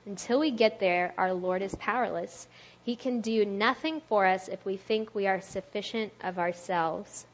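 A woman giving a casual, conversational sermon to a youth group, chatty and quick to laugh, with lots of "like" in her speech. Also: medium pitch. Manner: chatty, laughs often, uses "like" a lot. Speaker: speaker at a church youth talk.

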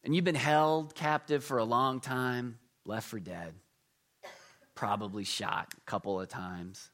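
A middle-aged man preaching a sermon, telling jokey stories and swinging between loud emphasis and quiet asides. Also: on the low side. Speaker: pastor.

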